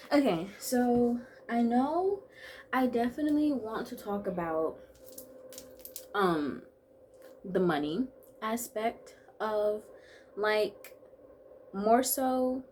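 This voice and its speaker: A chatty young woman in her twenties talking straight to camera, bubbly and playful, tossing in quick asides. Her voice sits at an ordinary middle pitch. A faint hiss of noise sits under her. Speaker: vlogger. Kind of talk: casual chat to camera.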